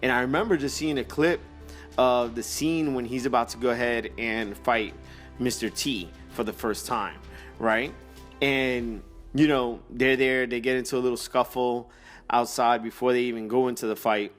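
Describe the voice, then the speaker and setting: A man telling a personal faith testimony, halting with fillers, then building into a fervent exhortation. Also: mid-range voice, fairly even intonation, a bit bright, soft background music. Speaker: motivational speaker.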